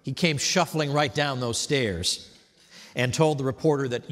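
A man giving a prepared tribute speech at an event, telling stories in a wry, animated way. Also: mid-range voice, unhurried, in a large hall. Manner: wry, animated storytelling with mock voices. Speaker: speaker at an institute event. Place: hotel event hall.

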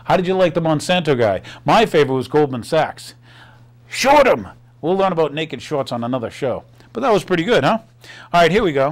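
A male host delivers a news commentary monologue, sarcastic and full of rhetorical questions. His voice sits slightly high and swings lively in pitch. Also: fast.

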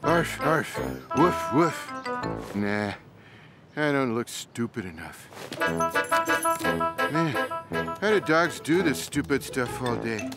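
A man's voice: medium pitch, lively intonation, slow, long pauses. A man voicing a lazy, sarcastic adult male house cat in a cartoon, with a dry, self-satisfied manner. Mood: scheming. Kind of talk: cartoon voice acting. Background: cartoon background music.

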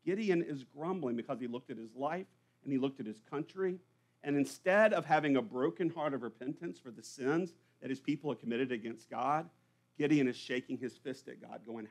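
A man's voice: medium pitch, brisk. A man preaching a sermon to a church congregation, conversational and full of rhetorical questions. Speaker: pastor. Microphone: live church recording.

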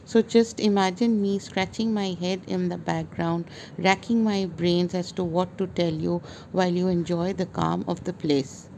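Woman doing a chatty vlog voice-over, mellow warm voice, pokes fun at herself, bit of hiss underneath. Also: fairly low pitch, steady tone, a little slow, gravelly. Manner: chatty and self-mocking. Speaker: vlogger. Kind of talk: casual voice-over narration.

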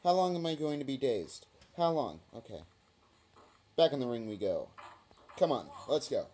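A man's voice: medium pitch, sing-song, moderate pace, warm tone. Trash-talking young man playing a phone game. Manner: trash-talking, taunting, swearing. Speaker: mobile game let's player. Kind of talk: let's play commentary. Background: screen tapping clicks.

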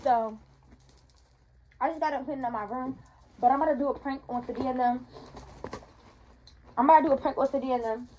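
Teen girl vlogger, rushed and chatty, recorded on a phone in her room. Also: high-pitched, warm tone, slight background noise. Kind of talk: casual vlog talk to camera. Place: bedroom indoors.

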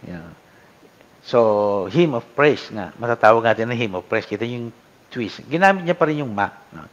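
A middle-aged Filipino priest with a Filipino accent, giving a conversational Bible lecture that mixes Tagalog and English, with a frequent "no?" and lifts in pitch when he quotes scripture. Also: expressive, normal speed, fairly bright tone. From Philippines. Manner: conversational, frequent tag "no?" and fillers, rises sharply when quoting scripture. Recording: dull lo-fi lecture recording.

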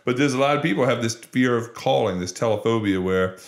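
A man's voice: mid-range voice, brisk, gravelly, echoey room. A man hosting a podcast, chatting in an enthusiastic, agreeing way that is full of restarts. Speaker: podcast host. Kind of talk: casual interview chat.

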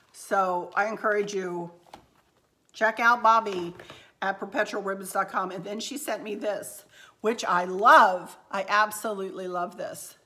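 A woman's voice: mid-range voice, a bit bright. A middle-aged woman, chatting in a rambling, folksy way as host of a craft vlog. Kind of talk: casual haul vlog chat.

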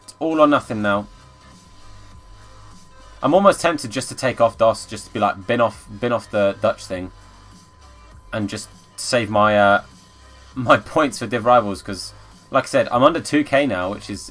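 A young man commenting live on a football video game as a streamer, chatting with viewers and bursting into excited shouts at the play. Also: fairly low pitch, moderate pace, pauses often. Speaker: gaming streamer. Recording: faint background music.

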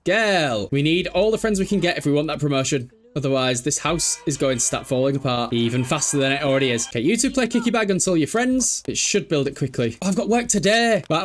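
Chatty, exasperated man narrating gameplay. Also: on the high side. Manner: chatty, exasperated, swears and laughs at his sims. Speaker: gameplay commentator. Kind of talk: casual gameplay commentary.

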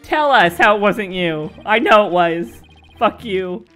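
Woman streamer cracking crude jokes, slow talker, pitch jumps around, faint music. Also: lively intonation, fairly bright tone. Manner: crude, joking, teasing. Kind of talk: casual let's-play chat.

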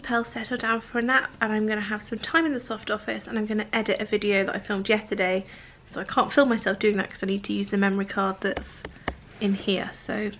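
A woman's voice: mid-range voice, level tone, fast talker, a bit bright. A woman, chatting casually and rambling to camera at home in a vlog, with lots of fillers and self-deprecating asides. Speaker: vlogger.

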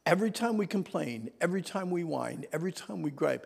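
A man with a slightly high, gravelly voice preaches to a mixed crowd of adults, teens and kids. He drops to whispers and then shouts, and has the audience say words back to him. His voice rings with the long echo of a church hall. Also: lively intonation, a little fast, hardly any pauses. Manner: dramatic swings from whispers to shouting; asks the audience to repeat words. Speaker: Sunday school speaker.

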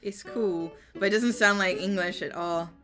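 A woman's voice: mid-range voice, normal speed, music in the background. A woman chatting casually on a livestream, talkative, swearing and laughing often. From United States. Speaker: streamer co-host.

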